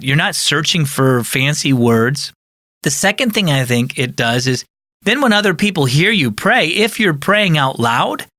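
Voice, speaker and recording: A pastor and podcast host gives a conversational teaching talk in a bright, forceful voice that sits a bit high for a man. He speaks earnestly and explains as he goes, in a close, dry sound with no room echo.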